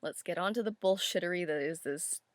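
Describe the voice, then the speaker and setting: A woman's voice: on the low side, brisk, no room sound. A woman talking to camera in a casual reaction vlog, candid and rambling, swearing freely. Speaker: YouTube reactor.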